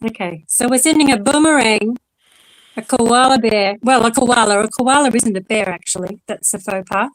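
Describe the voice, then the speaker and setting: A woman's voice: on the high side, moderate pace, dry recording, low-quality recording. An Australian woman chatting casually as co-host and explaining things at length. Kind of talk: casual chat.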